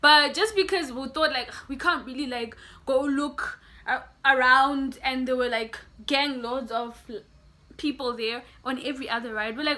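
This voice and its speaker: Bright-voiced young woman telling a story. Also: high-pitched, moderate pace. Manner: animated, addresses viewers as guys. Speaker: vlogger. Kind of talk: casual storytelling to camera.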